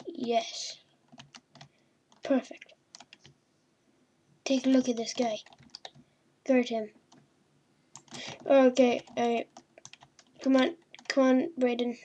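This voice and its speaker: A woman's voice: a little high, flat delivery, takes it slowly, pauses often, dark tone, dull audio, a little hiss or hum. A woman hosting a gaming video, giving playful horror-game commentary and talking to the characters on screen. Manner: chatty, talks to game characters, mild swearing. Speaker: gaming channel host.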